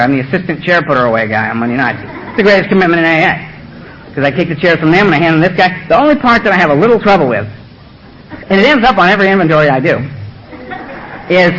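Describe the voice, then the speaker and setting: Middle-aged man, animated storyteller at a recovery meeting, brisk delivery, faint hiss behind. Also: a little high, dull audio. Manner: animated storytelling with acted-out voices. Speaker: AA speaker. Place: meeting room with audience.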